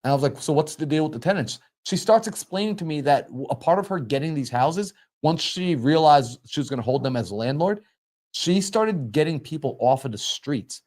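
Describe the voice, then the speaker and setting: A man's voice: fairly high pitch, lively intonation, a little fast, a little mellow. A man, a real estate investor, telling a story on a group call and acting out both sides of a phone conversation.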